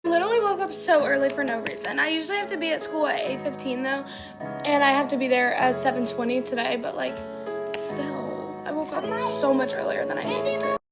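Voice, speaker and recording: A teenage girl chats through her morning routine, dropping "like" into nearly every phrase. Her voice sits high. Loud pop music plays underneath her throughout. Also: fairly quick. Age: teens. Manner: chatty, filler-heavy "like" talk. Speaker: vlogger. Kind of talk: get-ready-with-me chat.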